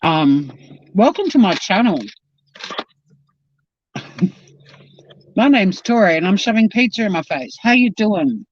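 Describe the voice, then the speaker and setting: A YouTube host with a high voice and big pitch swings talks slowly, leaving long pauses, over a little hiss or hum. He rambles casually while eating on his live-stream, mouth full, and the home camera mic gives dull, dry lo-fi sound.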